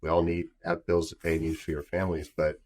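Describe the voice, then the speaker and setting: A man with a very low voice hosts a relaxed podcast chat. He talks earnestly and circles back on himself as he explains his thinking. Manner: earnest, restarts and hedges, explains slowly. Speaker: podcast host. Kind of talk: casual podcast conversation.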